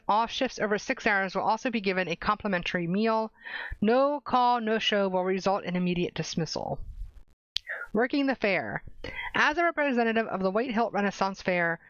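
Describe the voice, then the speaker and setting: A woman's voice: medium pitch, a bit bright, clear, resonant tone, dry recording. Chatty young woman reading aloud, lo-fi. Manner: chatty, stumbles and self-corrects while reading. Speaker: streamer. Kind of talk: casual chat while reading game documents aloud. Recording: dull, dry lo-fi stream audio.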